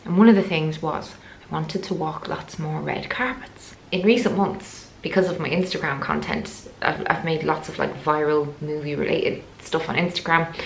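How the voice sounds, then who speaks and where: A woman's voice: low voice, vocal fry, slight background noise, rough recording. A woman in her thirties vlogging casually on a road trip, chatty and laughing often at herself. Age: 30s. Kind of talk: casual vlog chat. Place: in a car on a rainy road trip.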